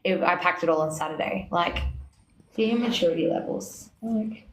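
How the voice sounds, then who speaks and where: A woman telling a story in casual chat. She is animated, swears freely and acts out both sides of quoted talk. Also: fairly low pitch, normal speed. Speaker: guest. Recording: echoey room with faint noise.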